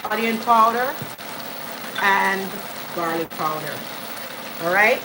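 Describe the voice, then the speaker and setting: A woman's voice: medium pitch, slow pace. A woman hosting a live cooking stream, chatting enthusiastically with viewers as she adds ingredients in her home kitchen. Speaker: cooking channel host. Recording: home kitchen noise with sizzling pan. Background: frying and sizzling food.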